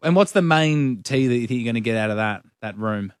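Male co-host, middle pitch, dry close mic, lively anecdotes. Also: a little fast, dry recording. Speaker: radio host. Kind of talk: casual radio chat.

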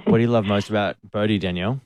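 A man's voice: fairly low pitch, steady tone, racing, a little mellow, no echo. A young man hosting a radio show, chatting in a friendly, upbeat way. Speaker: radio host. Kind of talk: casual radio chat.

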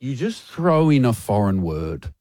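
A young man co-hosting an afternoon radio show, chatting in a playful, animated way with a lively, swooping pitch. His voice sounds dry and close, with no room around it. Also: measured pace, no room sound. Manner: animated, playful, mock accents in quotes. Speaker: radio co-host. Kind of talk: casual radio banter.

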